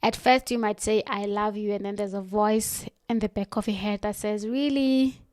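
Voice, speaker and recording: A woman giving a motivational self-help talk, earnest and direct, slowing down for firm emphasis. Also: mid-range voice, little pitch movement, a little mellow, no room sound, studio quality.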